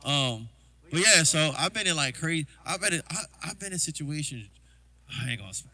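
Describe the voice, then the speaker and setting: A man's voice: on the high side, expressive, fairly quick. A man, a drummer, chatting to his livestream audience and telling loose, rambling stories about past gigs, full of "you know" asides. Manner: acts out quoted exchanges in a hushed voice. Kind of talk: casual livestream storytelling.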